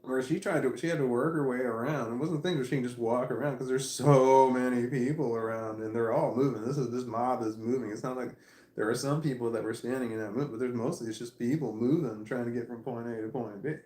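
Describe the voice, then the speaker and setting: A man's voice: mid-range voice, steady tone, brisk, a little mellow, echoey room. Laughing man telling a rambling story. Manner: profane, laughing, rambling anecdote. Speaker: vlogger. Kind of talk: casual storytelling.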